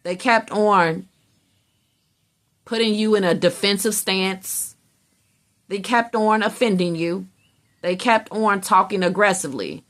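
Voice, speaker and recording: A woman with a slightly bright mid-range voice reads tarot in a casual way, unhurried and pausing often. Her delivery is blunt and emphatic, with plenty of swearing and acted-out reactions from other people.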